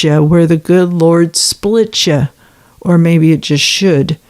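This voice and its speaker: A woman's voice: lowish voice, unhurried, darkish tone. A woman giving reaction commentary, reading out messages and adding sarcastic, indignant asides and rhetorical questions to her listeners. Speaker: commentator on a former church.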